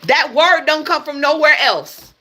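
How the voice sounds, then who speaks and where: A young woman from the United States streaming live and ranting, her voice high and sharply bright. She is blunt and emphatic, swears freely and drives each point home by repeating it. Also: expressive, measured pace. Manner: blunt, emphatic and profane, hammering points with repetition. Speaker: livestream host. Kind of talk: heated livestream rant.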